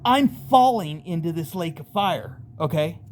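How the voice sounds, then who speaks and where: A man's voice: a little high, lively intonation, a little slow, slight background noise. A man casually telling a rambling, vivid first-person story, acting out voices in sudden bursts.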